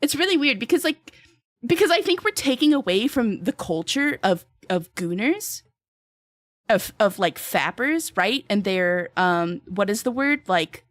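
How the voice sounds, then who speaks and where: A woman's voice: mid-range voice, very animated, a little slow, dry recording, studio quality. A woman streamer chatting casually and playfully while playing a game, laughing often and reading game text aloud. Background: faint background music.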